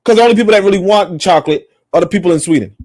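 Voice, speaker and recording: A man's voice: high voice, very fast, a little mellow, dry recording, studio quality. A man co-hosting a podcast, talking in a rambling, emphatic, profane way. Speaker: podcast co-host. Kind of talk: casual opinionated chat.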